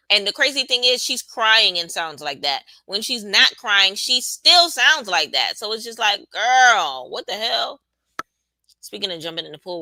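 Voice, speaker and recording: A woman's voice: mid-range voice, expressive, normal speed, pushed and bright, no echo. Sassy woman hosting a live reaction stream. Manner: chatty, sassy, talks back to her live chat. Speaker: live-stream show host. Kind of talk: casual reality-TV reaction chat.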